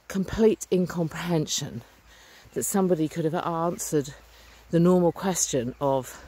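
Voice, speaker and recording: A woman's voice: low-pitched, mellow. A middle-aged woman talking earnestly and chattily to a handheld camera while walking outdoors by a stream. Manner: earnest, upbeat, chatty with fillers. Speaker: vlogger. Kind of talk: walking vlog, casual talk to camera. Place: outdoors on a rural lane by a stream. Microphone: phone or camera held while walking.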